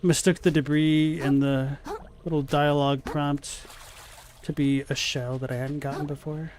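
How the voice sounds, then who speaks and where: A man's voice: a little high, flat delivery, measured pace, a little mellow. A young man casually commenting on a video game as he plays, reacting aloud and chatting with viewers. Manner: chatty, reacts aloud while playing and answers chat. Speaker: let's play host.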